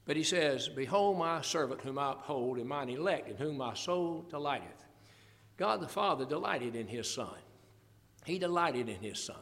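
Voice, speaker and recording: A man's voice: a little high, animated, normal speed, a bit bright, in a large hall. An older man preaching a sermon, expounding scripture in an earnest, folksy way. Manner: earnest Bible exposition, folksy asides, quoting scripture.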